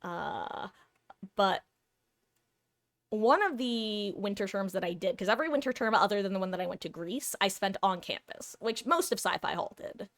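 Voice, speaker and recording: Medium in pitch and moderate in pace, this woman's voice has no echo. She chats with her viewers during a live game stream, meandering through stories in an animated way punctuated by sudden shrieks.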